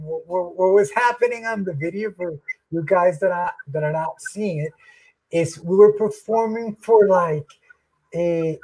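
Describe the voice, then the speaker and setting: A man's voice: high-pitched, a little mellow, breathy edge, rough recording. A man hesitantly talking, often searching for words, on a video call. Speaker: program director. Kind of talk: casual conversation.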